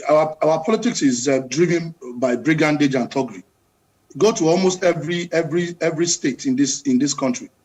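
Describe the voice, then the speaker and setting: A Nigerian man speaks with a high-pitched voice and fervent, emphatic delivery. He presses his points hard and keeps talking over the host as a live TV guest. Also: a little fast, darkish tone, poor audio. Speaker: studio guest commentator. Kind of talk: impassioned political commentary.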